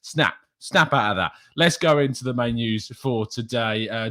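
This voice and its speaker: A man's voice: medium pitch, fairly bright tone. A man from England hosting a live show in a casual, chatty way, greeting viewers by name. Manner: chatty, reads out viewer names, slips into a put-on northern accent. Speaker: podcast host.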